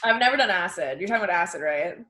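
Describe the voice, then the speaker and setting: A young woman with a Boston accent, a comedian telling stories in casual chat over a video call, acting out quotes with big jumps in pitch. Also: expressive, very fast, bright, forceful tone, roomy sound. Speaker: podcast guest, comedian.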